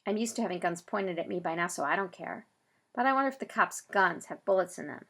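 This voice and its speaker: A woman narrating a first-person audiobook, reading the story and voicing its characters, with loud bursts for shouted lines. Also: on the low side, lively intonation, quick pace.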